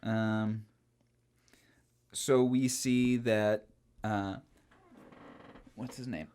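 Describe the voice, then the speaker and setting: Drawing out his words, this man co-hosts a film podcast in a lowish, clear, resonant voice with a darkish tone and fairly even intonation. He chats away hesitantly, leaning on fillers and breaking into playful impressions when quoting.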